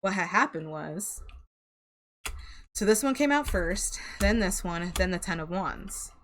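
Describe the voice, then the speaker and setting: A woman's voice: lowish voice, unhurried, fairly bright tone. A young woman giving a casual tarot reading to camera, chatty and sympathetic, laughing and sighing often. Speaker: tarot reader.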